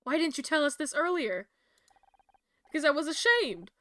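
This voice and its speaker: A nervous, ashamed young club owner with a British accent pours out her troubles in a high, bright voice, as a woman puts her on while reading a mystery game. The sound is close and dry, with faint music behind. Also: sing-song, normal speed, dry recording, heavily acted. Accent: British (put on).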